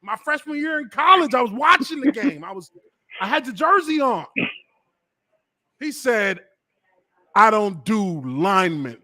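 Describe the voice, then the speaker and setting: High-voiced, excitable former-lineman host. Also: moderate pace, long pauses. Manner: profane, acts out quoted voices, laughs often. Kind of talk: animated storytelling, casual chat.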